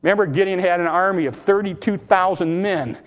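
A man preaching a sermon, folksy and impassioned, acting out Bible stories in plain talk. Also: a little fast. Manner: impassioned, pitch rising when exhorting; acts out Bible dialogue in folksy speech.

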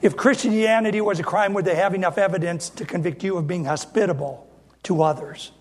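A man's voice: sits high, fairly quick. A middle-aged man preaching a sermon as an independent Baptist preacher, emphatic and repeating phrases as he speaks straight to the congregation.

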